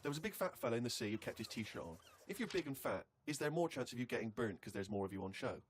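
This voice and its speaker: A fast-talking man in a radio studio, reading a diary aloud with a teasing edge and frequent laughter. His voice sits at a middle pitch, and a clear hiss runs under the recording. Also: lively intonation. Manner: teasing, quick, bursts into laughter. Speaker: host.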